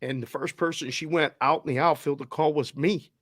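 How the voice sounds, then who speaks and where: A man's voice: fairly high pitch, steady tone, fairly quick, a bit bright, no room sound, studio quality. A middle-aged man with a Boston accent, a sports betting show host, animatedly telling a heartfelt family story with quoted voices. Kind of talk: casual storytelling.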